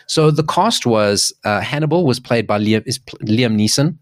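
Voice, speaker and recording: A man's voice: mid-range voice, normal speed. A man from South Africa co-hosting a casual chat show, telling stories with lots of restarts and asides. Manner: animated, rambling storytelling with restarts. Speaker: podcast co-host.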